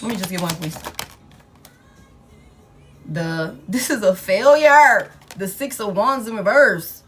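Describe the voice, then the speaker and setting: A woman's voice: medium pitch, expressive, slow pace, a bit bright, soft background music. Blunt, exasperated woman reading tarot. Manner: blunt, exasperated, swearing, repeats phrases for emphasis. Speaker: tarot reader. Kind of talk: live collective tarot reading.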